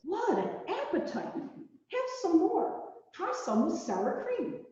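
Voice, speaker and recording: A woman's voice: extremely high pitch, huge pitch swings, takes it slowly, dark tone, a little hiss or hum, voice pushed up, heavily acted. A woman voicing a kindly, fussing old grandmother in a storybook reading, chatty and doting. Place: large echoey church hall. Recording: distant, dull, echoey hall recording.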